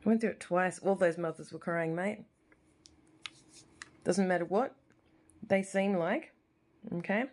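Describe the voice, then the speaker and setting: Impassioned Australian woman, somewhat low voice. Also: unhurried, pauses often, darkish tone. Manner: impassioned, rambling, repeats herself. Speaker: vlogger. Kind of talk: emotional personal monologue. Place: living room at home.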